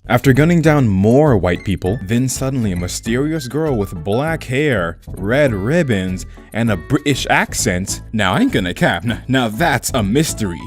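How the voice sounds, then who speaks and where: A man's voice: mid-range voice, animated, normal speed, hardly any pauses, soft background music. A young man hosting a comedic game retrospective, with a sarcastic, irreverent and profane manner. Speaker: video essay host.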